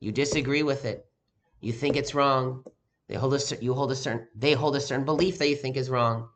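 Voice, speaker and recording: A male rabbi delivers a sermon at an even, mid-range pitch. He speaks in a measured way and pauses often on "uh" between phrases.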